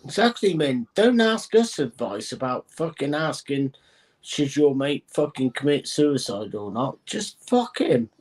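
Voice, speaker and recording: A man's voice: fairly high pitch, sing-song, unhurried, darkish tone, rough recording. Rambling man with lots of fillers. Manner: rambling, with many fillers, then blunt swearing. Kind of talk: livestream panel talk.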